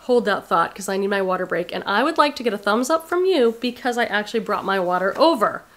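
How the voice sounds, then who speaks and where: A woman's voice: medium pitch, lively intonation, fast talker, fairly bright tone. A woman in her thirties chatting casually to camera about her thrift finds, upbeat and full of "like". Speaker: reseller vlogger. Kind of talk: casual haul chat to camera. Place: thrift store and car, indoors and out.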